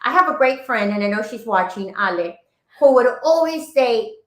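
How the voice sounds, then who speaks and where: A woman chatting as a show co-host, her voice sitting a little high. She tells her stories animatedly and acts out each quoted line, heard in an echoey room. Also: lively intonation, moderate pace, a bit bright. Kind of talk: casual chat.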